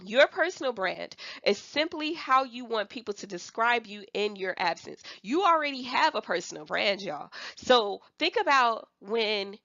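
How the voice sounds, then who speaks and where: A young woman coaching viewers on selling online, chatty and animated, who laughs often and checks in with "right?" and "okay?". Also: on the high side, moderate pace, creaky, few pauses, dry recording, highs cut off. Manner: slips into playful quoted voices of other people. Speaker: Avon sales representative teaching online selling. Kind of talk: casual coaching talk to viewers.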